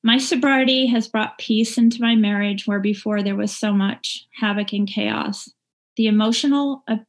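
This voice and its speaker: A middle-aged woman gives a heartfelt personal testimony about her recovery, speaking candidly and haltingly, with fillers and restarts. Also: medium pitch, vocal fry. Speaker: recovering drinker sharing her story. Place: lives in Northern California.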